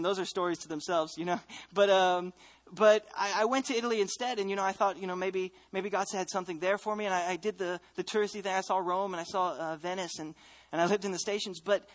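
This is an earnest American voice giving a personal faith testimony in a plain, reflective way. The telling is unhurried and sincere, and phrases often stop and start again before they settle. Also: medium pitch. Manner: earnest, reflective storytelling with frequent restarts.

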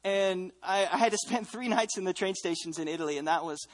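This is an earnest American voice giving a personal faith testimony in a plain, reflective way. The telling is unhurried and sincere, and phrases often stop and start again before they settle. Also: mid-range voice. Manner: earnest, reflective storytelling with frequent restarts.

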